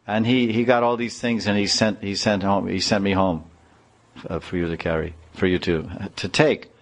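A man voicing a gentle, tender young boy who speaks earnestly. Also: fairly low pitch, fairly even intonation, moderate pace, natural voice.

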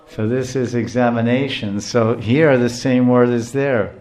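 A man's voice: medium pitch, fairly quick. Male preacher, storytelling lecture, laughs often, explains words, roomy echo. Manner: animated, chuckling, explains terms.

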